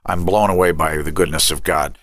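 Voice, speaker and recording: A middle-aged man, a family ministry director and counselor, talks about faith and parenting in an interview, telling lively stories and acting out the dialogue. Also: very deep voice, fairly quick, no room sound. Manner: animated storyteller who acts out quoted dialogue.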